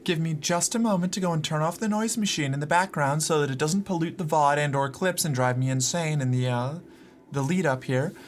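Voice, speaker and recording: A man's voice: fairly high pitch, a little fast, slight background noise. A man streaming live from home, chatting casually with his viewers in a sarcastic, exasperated way and swearing now and then. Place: home room.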